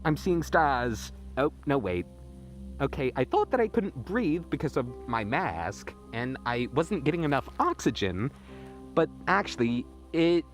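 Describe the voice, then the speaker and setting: A young man wanders the snowy woods at night, filming a comedic vlog on his phone. He rambles in a mock-dramatic tone, and his pitch swings all over the place.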